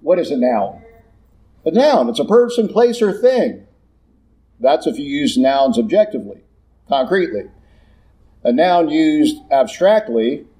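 A man teaching Catholic doctrine in an animated sermon, asking rhetorical questions and repeating key words for emphasis. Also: medium pitch, breathy edge.

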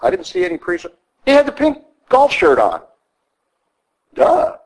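A man's voice: extremely high pitch, huge pitch swings, measured pace, pauses often, low-quality recording. A middle-aged male priest giving a blunt, conversational sermon in a church, often asking "okay?". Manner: blunt, conversational preaching with frequent "okay?" asides.

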